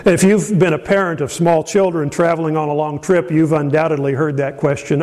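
A man's voice: on the high side, brisk, few pauses, a little mellow. Man preaching in a reverberant hall. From Indiana, USA. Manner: folksy storytelling with frequent fillers and restarts. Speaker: pastor. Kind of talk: sermon.

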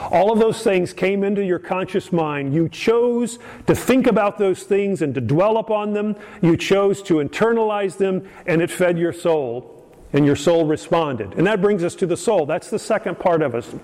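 High-voiced preacher in a reverberant hall. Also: male voice, darkish tone. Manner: rambling, repeats himself, chuckles between points. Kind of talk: sermon.

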